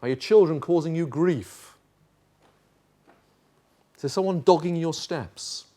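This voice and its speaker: A man preaching in a chapel, his voice mellow and set a little high for a man. He fires direct questions at the congregation and presses them with urgent, impassioned pleading. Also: a little slow. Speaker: pastor. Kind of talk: sermon.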